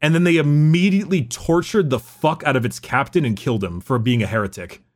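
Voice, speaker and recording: A man's voice: a little high, a little fast. A man co-hosting a podcast in casual chat, rambling, swearing freely and saying "like" a lot. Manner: rambling, swears, heavy use of "like". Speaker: podcast co-host.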